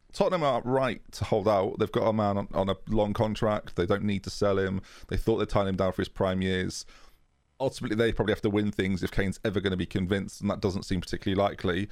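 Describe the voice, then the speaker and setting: Gravelly low-voiced British man chatting. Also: no room sound, clean studio sound. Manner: chatty, rambling, jokey. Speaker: podcast co-host. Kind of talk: casual football chat.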